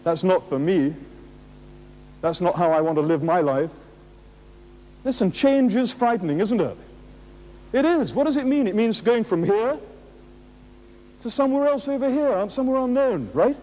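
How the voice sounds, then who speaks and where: Lively high-pitched man giving a motivational talk. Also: normal speed, pauses often, low-quality recording. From England. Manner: animated, jokey, rhetorical questions, laughs at his own stories. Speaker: motivational speaker. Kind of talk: motivational speech to an audience.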